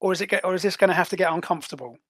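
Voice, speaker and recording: A man's voice: sits high, rapid-fire, a bit bright, dry recording. A man voicing a brash, blustering armoured male corporate enforcer whose voice is filtered through a comms system. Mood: threatening. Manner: blustering, threatening.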